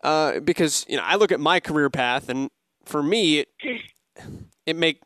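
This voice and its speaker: Male interviewer, halting questions, smooth resonant voice, dry close sound. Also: a little high, fairly bright tone, dry recording. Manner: halting, restarts while framing questions. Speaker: podcast interviewer.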